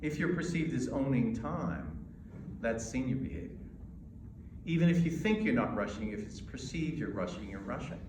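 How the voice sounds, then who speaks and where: An American man coaching an audience on presenting, emphatic and measured, pausing between points. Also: mid-range voice, sing-song, distant mic, noisy background. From United States. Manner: emphatic, with pauses and demonstrations. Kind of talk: lecture to a live audience. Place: lecture hall. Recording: echoey hall recorded from afar.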